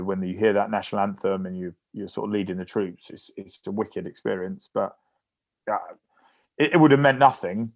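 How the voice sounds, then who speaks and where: A man, a former rugby player, telling lively stories as a guest in a casual podcast interview. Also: lowish voice, dry recording. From England. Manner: lively anecdotal storytelling.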